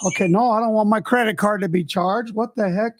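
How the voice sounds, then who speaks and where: A man's voice: sits high, brisk, a crowd in the background. Rambling, chatty male streamer. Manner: rambling, self-deprecating, chatty. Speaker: host of a music podcast and live stream. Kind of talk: casual unscripted live stream. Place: home studio. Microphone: headphones on, desk mic.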